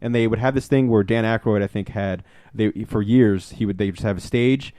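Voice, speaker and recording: A man with a lowish voice spins an excitable, rambling story on a casual podcast, swearing freely along the way. His voice sounds close and dry, with no room sound around it. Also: a little fast, no room sound. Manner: rambling, excitable anecdote-telling with profanity. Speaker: podcast co-host.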